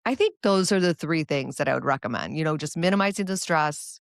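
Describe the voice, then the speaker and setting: A woman speaking as a guest in a casual interview. Her voice sits low, and her tone is earnest and encouraging. The recording is dry and close. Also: brisk, vocal fry, dry recording. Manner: earnest, encouraging, advice-giving. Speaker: guest, cancer survivor.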